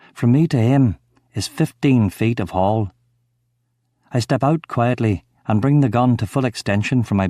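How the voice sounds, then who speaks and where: Male audiobook narrator, first-person thriller read, clipped tense delivery, mid-pitched voice, very dry close recording. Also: darkish tone, dry recording.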